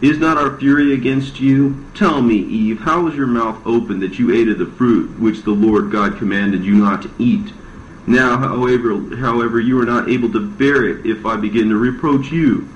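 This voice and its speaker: A man's voice: medium pitch, moderate pace, a little hiss or hum, lightly acted. A man voicing a spiteful talking serpent in a storybook reading, taunting and accusing, in a roomy, dull recording.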